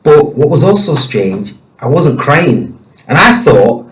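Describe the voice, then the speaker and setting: A man telling a personal story as a guest, emotional and halting, with many restarts. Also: medium pitch, very animated, poor audio.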